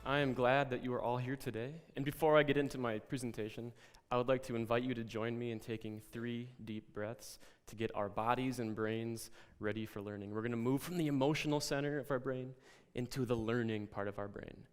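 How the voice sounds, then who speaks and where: A man presenting a lesson to educators, speaking in a calm, reflective, guiding way and telling a story. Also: mid-range voice, fairly quick, clear, resonant tone, big-room sound.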